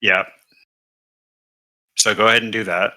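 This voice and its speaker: A man's voice: lowish voice, measured pace, low-quality recording. A man narrating and explaining rules as dungeon master of a tabletop game. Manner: relaxed, explains rules step by step.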